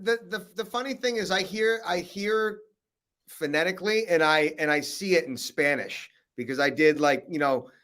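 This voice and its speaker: A man's voice: on the high side, normal speed, fairly bright tone. An American man being interviewed as a guest over a video call, talking in a joking, self-deprecating and rambling way. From United States. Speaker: guest musician. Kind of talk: casual interview.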